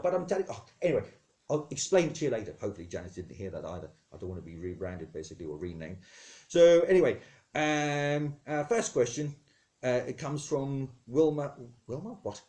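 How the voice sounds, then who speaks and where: Medium in pitch, warm, very animated and fairly quick, this man hosts a comedy podcast in the character of God. His posh British accent carries a chatty, rambling, digressive monologue as he answers listener questions, getting sidetracked and cutting himself off.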